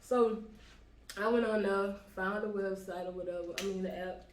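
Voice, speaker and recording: Young woman, slangy and relaxed, mid pitch, off-mic, echoey. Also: normal speed, far from the mic, slight background noise. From Houston, Texas. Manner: laid-back, slangy. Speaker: vlog co-host. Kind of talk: casual mukbang chat. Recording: echoey room, a bit off-mic.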